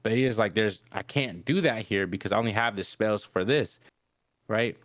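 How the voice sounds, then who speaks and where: A young man co-hosting a podcast recaps an anime episode casually, his fairly low voice moving at normal speed in clean studio sound with no room noise. He tells it with animation, acting out characters' lines with "yo" and checking in with "right?" constantly.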